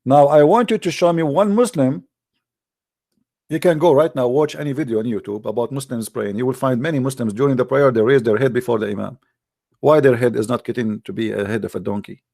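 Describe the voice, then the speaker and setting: A man's voice: medium pitch, a little fast, vocal fry, dark tone. A man hosting a heated call-in debate, arguing hard and repeating his questions over and over. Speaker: debate host.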